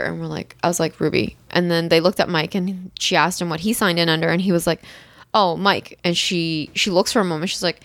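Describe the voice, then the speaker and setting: A young woman casually telling a story, acting out quoted lines with a jump in pitch and frequent laughs. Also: fairly quick, vocal fry, no echo. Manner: animated, acts out quotes with rising pitch and laughs. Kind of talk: casual chat.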